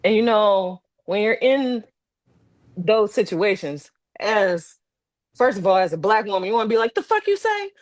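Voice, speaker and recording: A woman's voice: medium pitch, a little slow, dry recording. A woman with an Ohio accent, a former social worker telling stories casually on a podcast, acting out the voices of the people in them. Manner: animated, acts out voices in her stories. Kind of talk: casual storytelling. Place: podcast studio.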